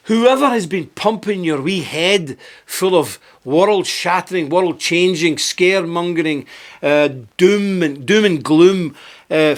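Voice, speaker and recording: A man's voice: sits high, a bit bright. A man delivering indignant, sarcastic video commentary.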